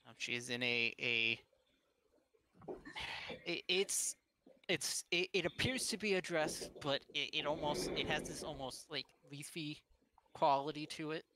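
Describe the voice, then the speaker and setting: A man narrating as game master in a tabletop game, halting and full of fillers and restarts. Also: a little high, background noise.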